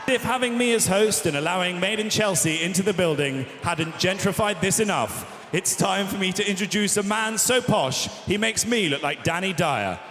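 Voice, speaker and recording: A man hosts an awards show, delivering scripted jokes in a brash, projecting voice. His pitch sits a little high. The sound rings through a big echoing hall with steady noise behind it. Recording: echoey arena with long reverb and noise.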